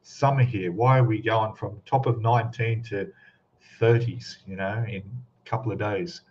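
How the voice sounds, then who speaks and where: A man's voice: fairly low pitch, steady tone, moderate pace, a little mellow, slight background noise. A man hosting a casual live stream, chatting and greeting viewers one by one by name. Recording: slightly dull lo-fi sound.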